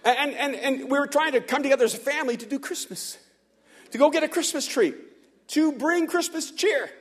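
A male pastor telling a story in a sermon to a live church gathering, animated, stacking up repeated "and"s and laughing along as he goes. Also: very high voice, fast.

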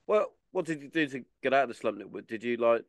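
A man's voice: medium pitch, animated, fairly quick, dry recording, studio quality. A man hosting a casual podcast interview, talking loosely and repeating words as he goes. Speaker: podcast host.

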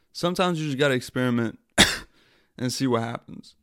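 A man's voice: mid-range voice, moderate pace, fairly bright tone, clean tone, dry recording. A young man hosting his own podcast over a livestream, talking casually, swearing and mocking himself. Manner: frustrated, profane, self-mocking. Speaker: podcast host.

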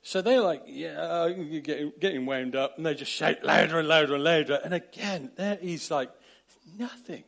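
A man delivers a sermon with a slightly higher-than-average voice. He tells the story in a lively, animated way and acts out the characters' lines with sudden loud bursts. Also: normal speed, vocal fry. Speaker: preacher.

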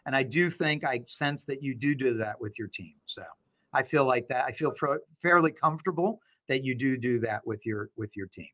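A middle-aged man, a law firm owner, talking as an interview guest and telling stories with animated, acted-out dialogue. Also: mid-range voice, normal speed. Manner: animated storyteller, acts out quoted dialogue. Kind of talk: conversational interview.

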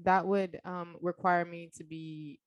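A woman's voice: on the low side, little pitch movement, a little slow, no echo, lo-fi sound. A young woman chatting casually with a friend, playful and teasing, her talk full of ums and likes. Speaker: friend in a chat. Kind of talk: casual chat.

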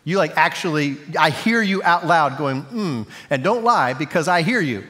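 High-voiced casual man preaching. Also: animated, moderate pace, bright, forceful tone, long reverb tail. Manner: casual, joking, conversational. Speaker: pastor. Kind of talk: sermon. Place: church sanctuary.

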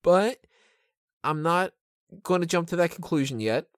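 A man's voice: a little high, lively intonation, a little slow, no echo, studio quality. A man giving an opinionated, sarcastic casual review of a wrestling show, swearing freely. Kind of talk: casual commentary.

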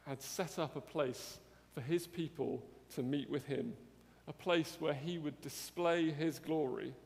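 A man's voice: a little high, creaky. A man preaching a sermon in an earnest way, often asking his listeners questions like "isn't it?". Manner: earnest, with tag questions to the congregation. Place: church hall. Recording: long church-hall reverb.

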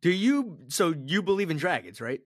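A man's voice: high voice, big pitch swings, moderate pace, a bit bright, breathy edge. A man co-hosting a sports podcast, chatting casually and laughing often at jokes. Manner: joking, laughs a lot. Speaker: podcast co-host.

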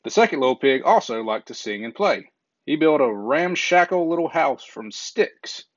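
A man reading a children's story aloud in a gentle, measured way, with small slips now and then. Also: a little high, animated, dry recording. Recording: dull lo-fi recording.

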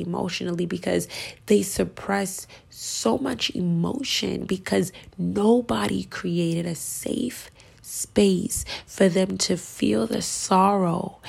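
A woman giving a spiritual sermon, intense and urging, often sinking into a hushed whisper. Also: lowish voice, creaky, husky. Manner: emphatic, urging. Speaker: spiritual speaker.

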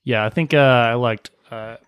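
A man co-hosting a podcast in casual chat, teasing his partner in a deadpan way. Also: medium pitch, normal speed, smooth, dry recording. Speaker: podcast co-host.

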